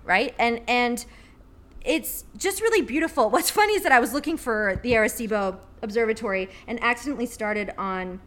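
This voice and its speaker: A woman's voice: fairly high pitch, fairly quick, fairly bright tone. A woman co-hosting a casual chat, rambling with many fillers and casual swearing, reading a book passage aloud. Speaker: podcast co-host.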